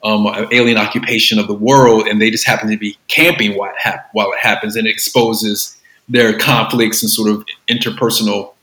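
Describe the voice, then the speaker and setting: A man's voice: fairly low pitch, fairly even intonation, brisk, bright, forceful tone. A man filmmaker talking casually in an interview, rambling with lots of fillers and restarts. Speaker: filmmaker guest. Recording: roomy echo.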